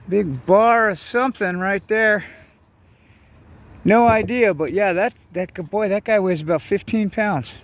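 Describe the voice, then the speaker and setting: Guy with a pretty high voice chatting away on his outdoor vlog, upbeat and rambly, lots of uhs, faint noise in the background. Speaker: vlogger. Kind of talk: casual outdoor vlog narration. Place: outdoors by a lake.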